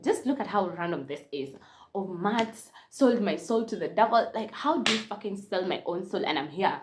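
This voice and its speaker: Young kenyan woman doing a storytime vlog, mixing swahili and english, laughing a lot, mid pitch. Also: normal speed, background noise. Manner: animated, mixes Swahili and English, laughs often. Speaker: vlogger. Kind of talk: casual storytime.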